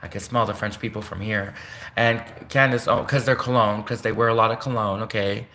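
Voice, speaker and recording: A man's voice: on the low side, fairly even intonation, a little fast, bright, forceful tone. A man from Canada rambling on a livestream, correcting himself as he goes. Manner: rambling, self-correcting, addresses a public figure directly.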